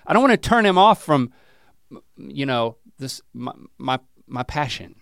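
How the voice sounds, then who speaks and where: Rambling, animated man on a podcast. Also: a little slow, creaky, clean tone, dry recording, clean studio sound. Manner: rambling, self-mocking storytelling with lively pitch swings. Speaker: podcast co-host. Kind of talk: casual comedic chat.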